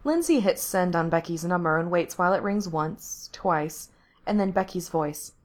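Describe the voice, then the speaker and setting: A woman narrating a story aloud, reading in a steady, even way. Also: lowish voice, moderate pace.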